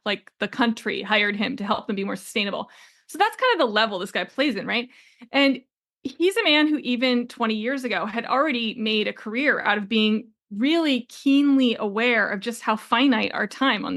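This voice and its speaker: A woman's voice: a little high, a bit bright. A woman in her forties hosting a solo business podcast, telling a story in a chatty, conversational way with frequent laughs. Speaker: podcast host and business coach.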